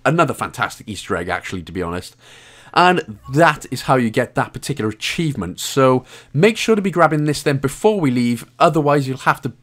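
A man's voice: mid-range voice, sing-song, fairly quick, fairly bright tone. A Welsh man hosting a game walkthrough, talking casually and joking with a laugh here and there. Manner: chatty, jokey, laughs often. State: out of breath. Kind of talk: casual gameplay commentary.

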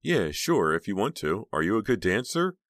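A man's voice: on the low side, sing-song, a bit bright, no echo, clean studio sound, pitched above the performer's own voice. A man voicing an earnest, anxious teenage girl in a storybook reading. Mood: teasing. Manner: earnest, quick to blush.

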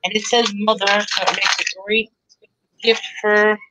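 A woman's voice: medium pitch, flat delivery, measured pace, background noise. A woman selling items on a live online auction, chatty and bubbly as she pushes her bargains. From Texas. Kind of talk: live sales pitch.

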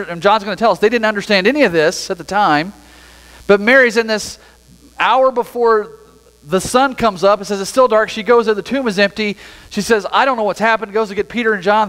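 A man preaching a sermon as pastor, reading scripture aloud and then explaining it in a relaxed, conversational way. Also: sits high, big-room sound, rough recording. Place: church sanctuary.

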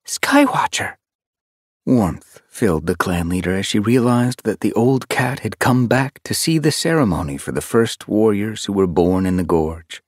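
A man narrating a fantasy audiobook, expressive and reading from a script. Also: fairly low pitch, normal speed, hardly any pauses, dry recording, studio quality. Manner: expressive, shifting voices for characters.

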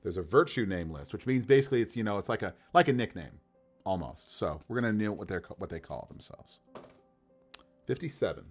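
Guy on a stream rolling dice for npcs, bouncy voice, laughs a lot, soft music behind. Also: lowish voice, fairly quick, breathy edge. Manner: animated, laughs often, talks to chat while rolling dice. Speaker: game master building characters. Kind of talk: casual livestream chat.

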